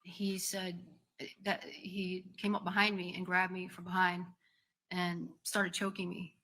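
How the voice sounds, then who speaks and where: A woman in her forties testifying in a courtroom, speaking haltingly with many pauses and ums. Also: lowish voice, level tone, pushed and bright. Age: 40s. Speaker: defendant testifying.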